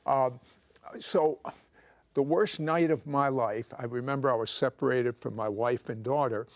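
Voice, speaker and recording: Gravelly man telling his story. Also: medium pitch, a little slow. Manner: animated storyteller, teasing jokes. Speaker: guest telling his testimony. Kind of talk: conversational testimony. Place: TV studio. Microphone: clip-on microphone.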